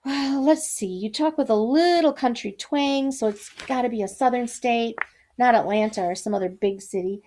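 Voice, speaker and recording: A woman's voice: a little high, normal speed, mellow, close to an everyday voice. A woman voicing a nerdy, hopeful teen boy who can read minds, bargaining eagerly. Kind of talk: storytelling performance.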